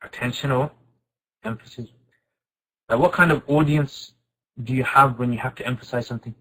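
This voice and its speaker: A man teaching an informal Quran class, asking his students questions and reciting Arabic verses quickly. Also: medium pitch, poor audio. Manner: lively, asks the class questions and answers them.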